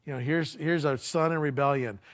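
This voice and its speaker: This pastor sounds fairly high and steady, speaking briskly. He preaches conversationally, retelling a story in plain language with frequent fillers and restarts while acting out what the characters say.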